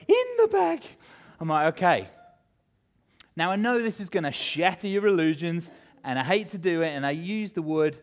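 Man, pastor, sermon, self-mocking humor, lively, higher voice. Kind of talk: sermon with scripture reading and storytelling.

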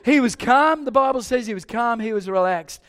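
Brief: older male preacher, high-pitched, lively sermon storyteller. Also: moderate pace. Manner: animated storytelling, swinging between soft asides and loud exclaims.

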